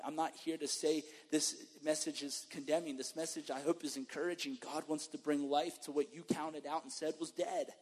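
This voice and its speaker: A male guest preacher with a somewhat high voice delivers an emphatic sermon and slides into animated storytelling. The sound carries a long, lingering reverb from a church sanctuary. His delivery keeps pressing on each point. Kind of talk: sermon and testimony.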